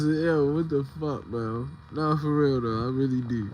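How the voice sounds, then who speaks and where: A man's voice: mid-range voice, measured pace, darkish tone, slight background noise, low-quality recording. A man casually chatting to viewers on a livestream, loose and profane, joking about his heartbreak.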